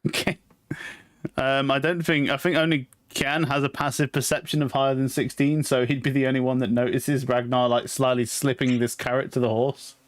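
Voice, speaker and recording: Easygoing male DM, calm, a bit hesitant. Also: mid-range voice, moderate pace, no room sound, clean studio sound. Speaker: game master. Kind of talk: narrating a tabletop game.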